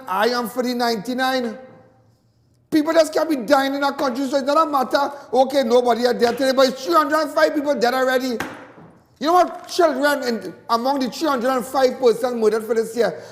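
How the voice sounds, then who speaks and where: On a call-in radio show, a Trinidadian man vents impassioned and indignant, going over the same points again and again. He has a very high-pitched voice with a long reverb tail.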